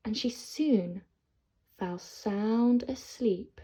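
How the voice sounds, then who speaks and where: Casting: woman teacher, storyteller for kids, slow and very lively in pitch, lo-fi audio. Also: slightly rough. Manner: expressive, slow, sing-song reading. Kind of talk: storytelling for children. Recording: dull lo-fi sound.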